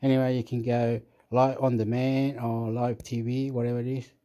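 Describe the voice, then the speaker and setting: A man's voice: mid-range voice, flat delivery, moderate pace, mellow, a little hiss or hum. A man rambling to himself while reviewing an app, mumbling and getting annoyed at it. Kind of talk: rambling screen-recording chat.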